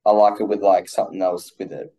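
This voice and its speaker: A man's voice: low-pitched, level tone, quick pace, dark tone. A laid-back Australian man hosting a casual interview chat, bantering easily. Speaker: podcast host.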